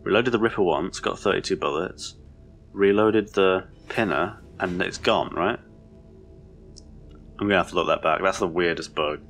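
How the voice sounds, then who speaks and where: A man's voice: low-pitched, normal speed, a bit bright, faint music behind. A man giving rambling, confused, sweary commentary as he plays a horror game. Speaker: let's play host. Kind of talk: gameplay commentary.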